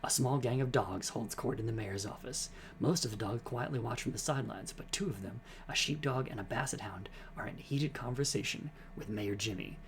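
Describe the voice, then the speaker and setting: A man streaming a narrative game, reading its text aloud in a relaxed, amused way. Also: medium pitch, fairly quick, few pauses.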